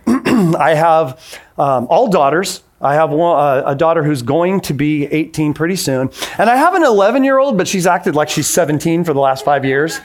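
A man's voice: fairly high pitch, big pitch swings, normal speed. A man in his forties preaching a sermon in a casual, conversational way, acting out the voices he quotes. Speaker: pastor.

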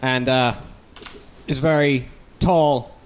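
Male player, steady descriptive delivery, mid-range voice, faint background noise. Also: medium pitch, takes it slowly. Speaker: tabletop game player. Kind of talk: casual in-character introduction.

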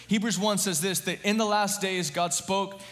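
Fervent preacher with a high bright voice. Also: male voice, fairly even intonation, normal speed. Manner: fervent, calls out to the congregation, rises to shouting. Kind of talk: sermon. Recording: long hall reverb.

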